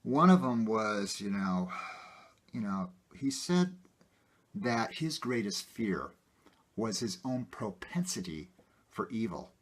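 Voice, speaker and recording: A man talking casually to his viewers about his own life, rambling with many fillers and getting animated. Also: fairly low pitch, slow pace. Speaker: video host. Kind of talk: casual personal talk to camera.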